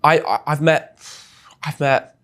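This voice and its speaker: A young man from England with an English accent, telling a story as a guest in an interview with lively, chatty energy and frequent restarts. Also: a little high, slow pace. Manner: chatty and animated, often restarts words. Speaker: guest, football influencer.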